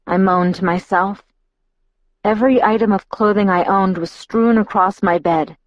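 A woman narrating a novel in the first person, speaking in a reflective, inward way. Her voice sits at an ordinary middle pitch. The recording is dry and close, with no room sound. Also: moderate pace, dry recording, dull audio. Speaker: audiobook narrator.

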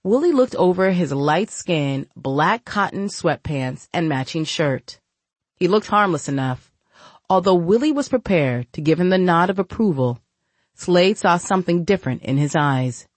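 A woman narrating an audiobook in steady storytelling. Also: lowish voice, a little slow, no room sound. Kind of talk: scripted narration.

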